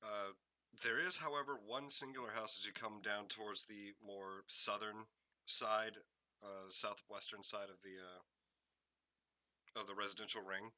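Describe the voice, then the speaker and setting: A man narrating as game master for a tabletop game, relaxed and conversational with many fillers. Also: fairly low pitch, a little slow, no room sound.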